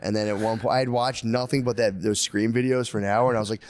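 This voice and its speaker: A man's voice: fairly low pitch, fairly even intonation, fast, no room sound. A young man co-hosting a podcast, telling loose, profane stories and laughing a lot. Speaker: podcast co-host. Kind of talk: casual chat.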